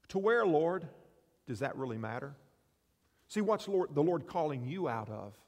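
A man's voice: mid-range voice, darkish tone. A man preaching a sermon in a conversational way, asking his listeners rhetorical questions. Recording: long reverb of a large hall.

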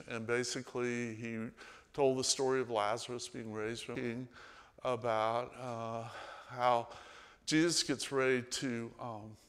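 A man preaches to his congregation in a loose, storytelling way. He swings between loud emphasis and hushed asides. His voice rings with the long reverb of a church hall. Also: medium pitch. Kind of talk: sermon. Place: church sanctuary.

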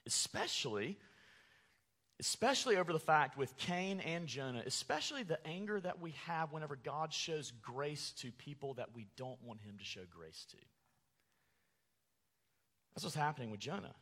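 A man preaching a sermon as pastor, animated, acting out angry quotes with sarcasm. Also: a little high, moderate pace, in a large hall.

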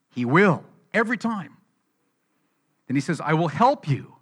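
A man's voice: a little high, expressive, brisk, a bit bright, husky. A man preaching a sermon as pastor, earnest and building to emphatic exhortation.

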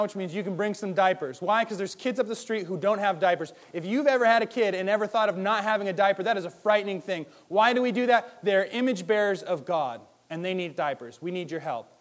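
A man preaching a sermon in a lively, conversational way, firing rhetorical questions and swinging between loud and hushed. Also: sits high. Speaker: pastor.

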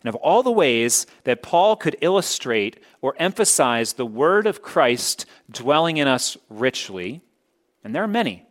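A man's voice: medium pitch, big pitch swings, measured pace. A male pastor preaching a sermon, stressing his points by repeating key words.

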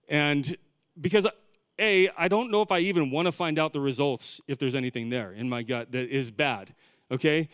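Male pastor, sermon, high voice, dry sound, conversational with joking tangents. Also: normal speed, a bit bright, smooth, no room sound. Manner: conversational preaching with asides and playful tangents.

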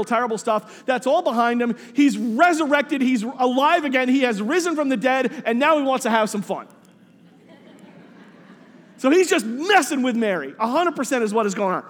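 A male pastor preaches in a loose, animated, conversational way and slows down for reflective scripture reading. His voice sits very high for a man. A long hall reverb trails every phrase. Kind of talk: sermon.

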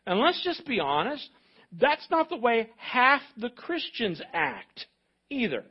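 Brief: male pastor, husky higher voice, emphatic repetitive sermon, slightly dull lo-fi church recording. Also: wildly swooping pitch, takes it slowly. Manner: emphatic, repetitive preaching with audience prompts.

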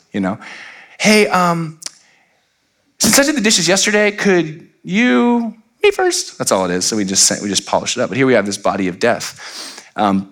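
A man's voice: fairly low pitch, fairly bright tone. Give me a middle-aged male pastor preaching in a playful, conversational way. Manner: conversational and playful, acts out quoted voices. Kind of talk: sermon.

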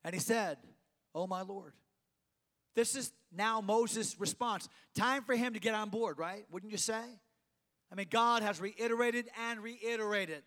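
A middle-aged man preaching a sermon, emphatic, swinging from loud to quiet and repeating phrases for effect. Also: high-pitched, moderate pace, big-room sound.

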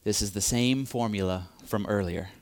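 A man preaching a sermon, speaking deliberately and repeating key phrases for emphasis. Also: fairly low pitch.

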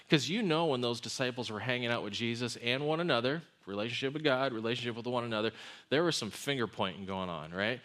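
A man's voice: mid-range voice, fairly bright tone. A male pastor preaching a sermon in a church in a conversational, joking way, often checking in with the congregation. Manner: conversational, joking, asks the crowd "right?".

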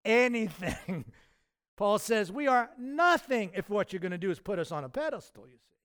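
A male pastor preaching with lively, emphatic bursts and casual asides. His voice sits a little high for a man, and he keeps a conversational tone between the peaks. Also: moderate pace. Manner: animated preaching with sudden loud emphatic peaks and acted quotes; conversational, with fillers and restarts. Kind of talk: sermon.

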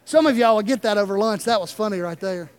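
A man preaching a sermon as pastor, with impassioned delivery and dramatic slow pauses. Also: high-pitched, slight background noise. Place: church sanctuary.

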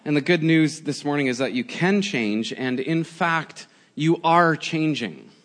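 A man in his forties, a pastor giving a conversational, animated sermon with prayer and storytelling. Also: on the high side, measured pace. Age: 40s.

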